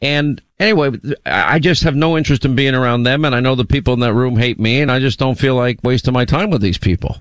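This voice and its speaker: A man's voice: medium pitch, fast talker, few pauses, smooth, no echo. A man hosting a talk radio show, speaking bluntly, often repeating words as he starts a thought.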